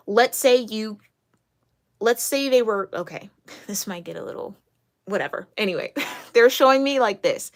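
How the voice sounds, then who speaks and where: A woman giving a casual tarot reading, chatty and excitable, with many fillers and restarts. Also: medium pitch. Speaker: tarot reader.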